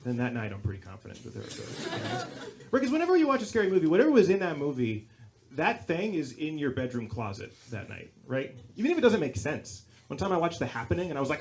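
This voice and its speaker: A young man doing a stand-up comedy set on a club stage, telling stories deadpan and bursting into loud acted-out quotes. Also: mid-range voice, fast talker. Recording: live club recording, audible crowd noise.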